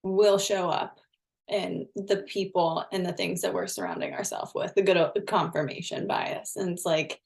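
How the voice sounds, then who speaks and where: Gravelly-voiced woman podcast co-host. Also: fairly low pitch, lively intonation, moderate pace. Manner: thoughtful, circles back on her words. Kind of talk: podcast conversation.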